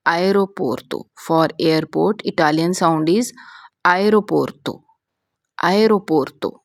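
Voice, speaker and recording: Woman teacher, slightly low voice, goes really slow and says every word twice. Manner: repeats each word several times, careful and measured. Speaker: language teacher. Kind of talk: slow, repetitive vocabulary lesson.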